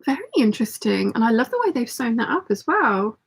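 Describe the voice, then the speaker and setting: Croaky, gravelly-voiced woman chatting. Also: fairly high pitch, big pitch swings, a little fast. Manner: chatty, reads viewer comments aloud. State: slightly croaky voice. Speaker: sewing channel host. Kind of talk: casual livestream chat.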